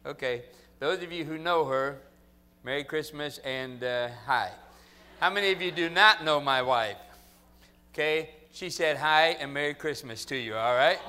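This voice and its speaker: Man, sermon style, somewhat high voice, loud and rousing, college chapel. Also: normal speed. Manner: jokey, loud and rousing with the crowd. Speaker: chapel preacher.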